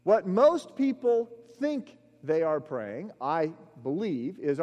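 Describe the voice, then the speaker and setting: A middle-aged male pastor with a high-pitched voice delivers a sermon, carried by a long, echoing reverb. He talks in a storytelling way, sprinkled with "uh" fillers, and presses his points with building emphasis. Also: big pitch swings, takes it slowly, darkish tone, highs cut off. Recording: long echoey hall reverb.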